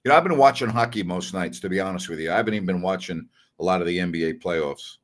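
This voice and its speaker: Deep-voiced and quick-paced, this sports talk show host talks casually, using fillers and correcting himself. His commentary is blunt and opinionated; he hammers points by repeating them, then walks back his own harsh remarks.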